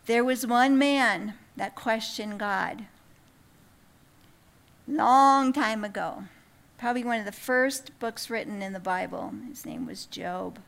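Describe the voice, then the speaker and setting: A woman teaching a Bible study to women, talking casually with quick asides and then reading scripture out with emphasis. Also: fairly high pitch, animated, vocal fry.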